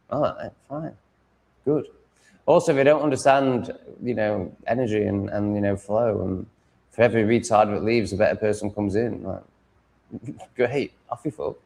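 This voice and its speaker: A man's voice: fairly low pitch, vocal fry, a little mellow. Crude, mocking man streaming live. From Sheffield, England. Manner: crude, mocking, swears freely. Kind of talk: rambling live-stream chat.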